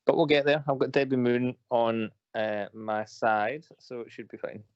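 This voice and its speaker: A man's voice: mid-range voice, normal speed, smooth, dry recording. A man co-hosts a live stream in casual chat, teasing his friend and laughing often. He comes through a dull, lo-fi video call, and the sound is dry. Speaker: co-host.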